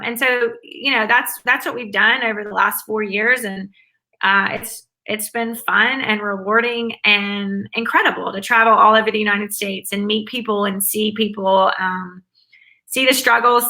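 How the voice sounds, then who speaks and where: A woman's voice: mid-range voice, steady tone, a little slow, sharp tone, rough recording. A woman with a Southern US accent, a guest answering interview questions in an upbeat, enthusiastic way with long run-on answers. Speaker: guest, former academic advisor. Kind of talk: conversational interview.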